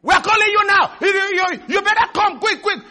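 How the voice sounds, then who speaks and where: A man voicing a pushy male debt collector who harasses a client on the phone, shouting and repeating words in a rush. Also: very high-pitched, sing-song, measured pace, full character voice. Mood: demanding.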